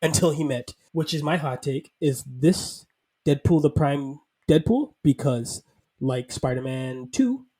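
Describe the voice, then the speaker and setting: A man co-hosting a podcast, chatting excitably about a film, swearing freely and laughing often. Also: a little high, measured pace, breathy edge. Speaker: podcast co-host. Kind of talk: casual film review chat.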